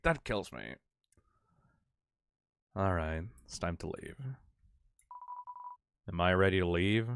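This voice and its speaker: A male streamer talks through a game at an unhurried pace, his pitch swinging widely from low mutters to high cries. He reads the dialogue aloud and reacts with emotional exclamations and swearing. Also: expressive, vocal fry, a bit bright, a little hiss or hum. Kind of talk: live game commentary, reading dialogue aloud.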